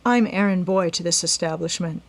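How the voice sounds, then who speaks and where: A woman's voice: fairly low pitch, brisk, lightly acted. Lady playing a chipper teen boy next door, breezy, storybook. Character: cheerful teenage neighbor boy.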